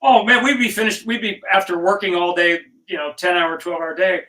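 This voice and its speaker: A man's voice: high-pitched, steady tone, fairly quick, sharp tone. A middle-aged actor telling stories in a casual interview, acting out the lines of people he quotes. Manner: easygoing storyteller, acts out dialogue. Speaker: actor guest. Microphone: video call. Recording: distant video call mic.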